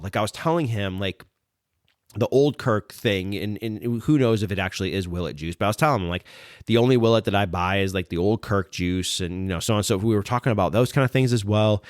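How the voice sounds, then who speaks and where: A man hosting a podcast, telling a story casually, rambling with lots of "like" and "um" and restarting his sentences with excitement. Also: on the low side, fairly quick, no echo, studio quality. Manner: rambling, heavy use of fillers like "like" and "um"; excited, retelling events with restarts. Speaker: podcast host.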